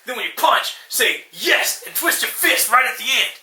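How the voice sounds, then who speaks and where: Sarcastic young man ranting, bright voice. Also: very high-pitched, very animated, moderate pace, roomy sound, faint music behind, rough recording. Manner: sarcastic, profane, acts out movie lines. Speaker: podcast co-host. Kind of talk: casual ranting chat.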